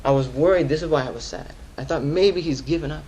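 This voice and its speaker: A young man giving a Friday sermon in casual slang, repeating lines for emphasis and swinging from loud urging to soft storytelling. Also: on the high side, quick pace, a little hiss or hum, poor audio. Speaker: khutbah speaker.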